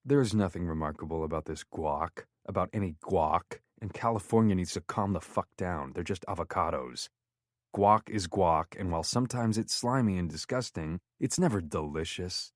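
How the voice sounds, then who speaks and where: A man reading a first-person audiobook, with a sardonic, deadpan inner-monologue delivery into a close mic. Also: low-pitched, moderate pace, dry recording. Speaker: audiobook narrator.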